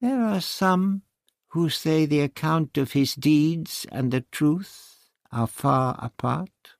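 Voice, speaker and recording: A man reading an audiobook voices a scheming, sneering high priest with a husky, dry, drawn-out delivery. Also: no room sound. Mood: sly. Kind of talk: audiobook character voice.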